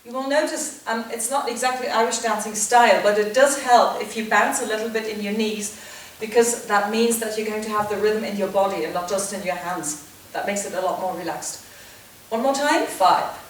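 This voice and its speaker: A woman's voice: mid-range voice, fairly quick. Echoey woman calling dance steps. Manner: counts beats and calls steps rhythmically. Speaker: dance teacher. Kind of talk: step-by-step dance instruction. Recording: echoey, distant, noisy room sound.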